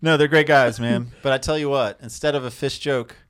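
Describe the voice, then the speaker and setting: A man with a medium-pitched voice hosts a casual podcast, joking and keeping the chat moving. His voice sounds close and dry, with no room echo. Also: steady tone, fairly quick, fairly bright tone, clean tone. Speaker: podcast host.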